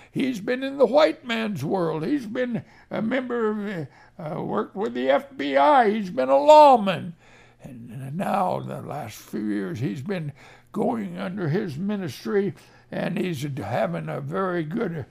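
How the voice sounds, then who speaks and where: A man's voice: high-pitched, creaky, a little mellow, slightly rough. A male missionary giving a homespun ministry appeal, talking plainly and calling his listeners neighbor as he tells an emotional story. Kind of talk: folksy radio ministry appeal.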